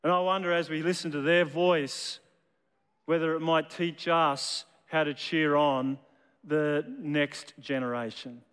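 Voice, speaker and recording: A man's voice: on the high side, fairly even intonation, a little slow, fairly bright tone, clean tone, in a large hall. A man preaching a sermon as a storyteller, often repeating his words as he builds a point. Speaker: pastor.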